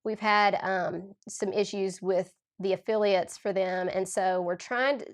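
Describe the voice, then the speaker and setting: Southern Tennessee woman, forties, with a cold, hosting a crafting livestream, gushy and chatty, reads out comments. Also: mid-range voice. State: has a cold. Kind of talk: casual livestream chat while demonstrating card making.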